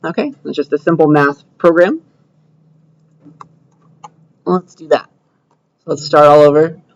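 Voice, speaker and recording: A man's voice: fairly high pitch, a little slow, lo-fi sound. A young man giving a computer science lecture with a live coding demo, talking casually and often checking in with "right?" and "okay?". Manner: conversational, checks understanding with frequent "right?" and "okay?".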